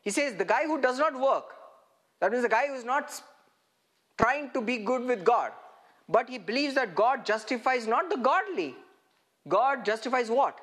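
A woman preaching a sermon in an animated way, laughing often and acting out quoted speech. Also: fairly high pitch, normal speed. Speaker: pastor.

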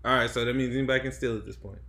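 A man's voice: medium pitch, fairly even intonation, rapid-fire, a crowd in the background. A young man hosting a casual quiz game among friends on a podcast, reading out the prompts with a laugh. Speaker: game host.

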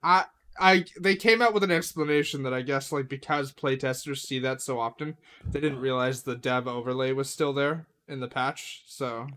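A man's voice: medium pitch, steady tone, normal speed, fairly bright tone, smooth. A man co-hosting a casual podcast, talking chattily with lots of fillers and frequent laughter. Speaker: podcast co-host. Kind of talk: casual chat.

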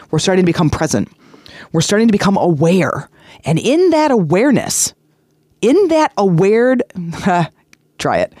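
Here the same kind of podcast host, a middle-aged woman on a self-help show, talks in an earnest, chatty way, going back over her points with a sing-song lilt. Her voice is lowish with a darkish tone. It's studio quality with no echo.

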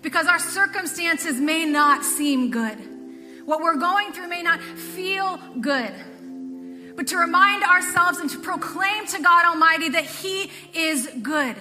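A woman's voice: extremely high pitch, sharp tone, big-room sound. A woman from the Pacific Northwest preaching a sermon to a church congregation, earnest and conversational, often repeating phrases. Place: church sanctuary.

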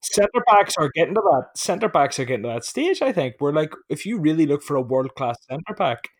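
A man's voice: on the high side, big pitch swings, fairly quick. A man hosting a casual podcast over drinks, jokey and loose, swearing freely in banter. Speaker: podcast host.

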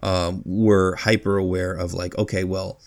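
A man's voice: low voice, little pitch movement, unhurried, dry recording, clean studio sound. A man co-hosting a casual podcast, rambling through long lists and chuckling mid-sentence. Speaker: podcast co-host. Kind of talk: casual podcast chat about video games.

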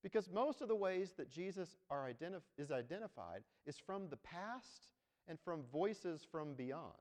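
Give me a male pastor preaching in a conversational way, with a slightly high, animated voice in a reverberant sanctuary. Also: moderate pace. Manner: conversational, tags points with "right?". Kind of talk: sermon. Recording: long hall reverb.

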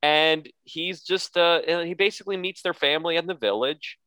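A man's voice: fairly high pitch, moderate pace, bright, forceful tone, clean tone, dry recording. A man co-hosting a casual podcast, recapping a cartoon episode and breaking into silly character voices. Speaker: podcast co-host.

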